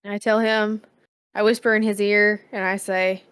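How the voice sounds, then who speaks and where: A woman's voice: medium pitch, monotone, normal speed, a bit bright, clear, resonant tone. A woman playing a tabletop game, declaring her cleric's actions in casual talk. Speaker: player.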